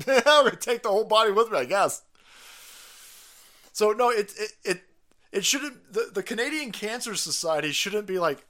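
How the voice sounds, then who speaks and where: A man hosting a livestream, ranting in a profane, sarcastic, mocking way with sudden loud outbursts. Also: high-pitched, animated, a little fast. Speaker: livestream commentator. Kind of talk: profane political rant.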